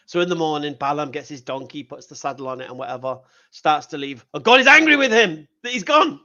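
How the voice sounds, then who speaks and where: A man hosting a live call-in debate, retelling a story in an animated, mocking way. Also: fairly high pitch, moderate pace, dull audio. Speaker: host.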